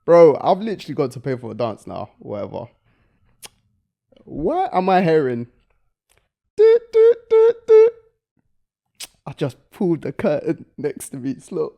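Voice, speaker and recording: Man, podcast co-host, slightly high and very lively pitch, slangy storyteller. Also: moderate pace, gravelly, highs cut off. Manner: animated storytelling with London slang. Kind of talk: casual chat.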